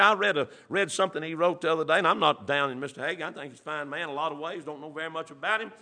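Male preacher, high-pitched, bright sharp tone, folksy, fervent. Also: very fast, hardly any pauses. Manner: swings from quiet teaching to loud fervent preaching; folksy, filler-laden delivery. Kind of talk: sermon.

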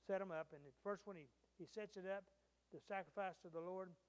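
High-voiced man preaching conversationally. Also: a little fast, rough recording. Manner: conversational, animated retelling with many fillers and restarts. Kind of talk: sermon retelling scripture.

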